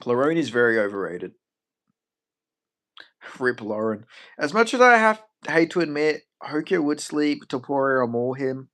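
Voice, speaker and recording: A man's voice: medium pitch, expressive, normal speed, fairly bright tone. A man chatting casually on a stream. He rambles, swears freely and answers questions from chat.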